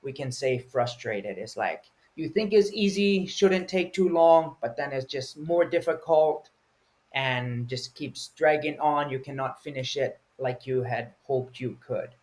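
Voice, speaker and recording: A man's voice: mid-range voice, a little slow, darkish tone. A man teaching English vocabulary, explaining each word patiently and acting out short example feelings.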